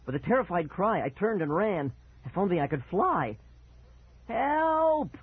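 A man reading a first-person story aloud with expressive, dramatic delivery and a husky voice. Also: sits high, a little fast, no room sound. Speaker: audiobook narrator. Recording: tinny phone-like sound.

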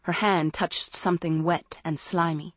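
A woman narrates an audiobook at a slow, measured pace, letting the tension build line by line. Her voice sits on the low side. The recording is dry and close. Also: fairly even intonation, no echo. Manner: slow, measured suspense reading. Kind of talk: scripted narration.

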